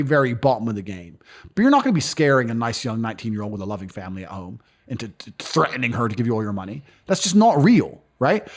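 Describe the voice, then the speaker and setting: A man being interviewed, talking bluntly and boastfully, swearing freely and acting out other people's voices as he tells stories. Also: medium pitch. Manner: acts out quoted voices of others. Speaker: interview guest. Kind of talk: casual interview talk.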